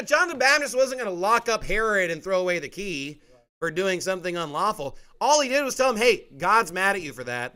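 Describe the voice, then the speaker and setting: High, bright, forceful male preacher. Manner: forceful, emphatic preaching with rising outbursts. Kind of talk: sermon.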